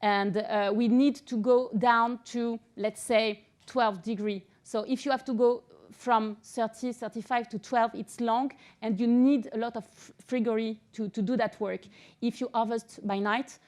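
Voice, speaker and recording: A French-speaking woman, an agronomist on a panel, explaining things in halting English with many fillers. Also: a little high, steady tone, a little mellow. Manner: halting, searching for English words. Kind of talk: panel talk.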